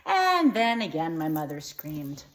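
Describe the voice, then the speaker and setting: A woman playing a naive, opinionated young woman in a comedic monologue, rambling chattily in a deadpan way. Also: sits low, measured pace, full character voice. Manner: free-associating, chatty, deadpan.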